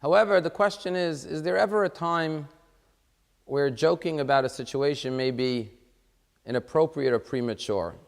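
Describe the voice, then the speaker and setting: A man's voice: a little high, moderate pace, vocal fry, big-room sound. A man giving a sermon as a rabbi, telling a joke in a wry, conversational storytelling way before turning to a serious question.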